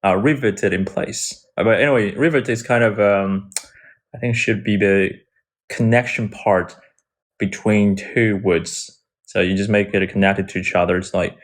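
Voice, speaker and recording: A man's voice: fairly low pitch, unhurried. Man explaining English, Chinese native speaker. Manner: explains patiently, restarts often. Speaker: English conversation partner. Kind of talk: casual explaining.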